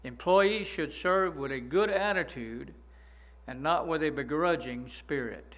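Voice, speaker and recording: A man preaching a sermon, folksy, slowing down to stress his points and asking the congregation for agreement. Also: on the high side, a bit bright. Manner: slows down to stress key phrases. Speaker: pastor.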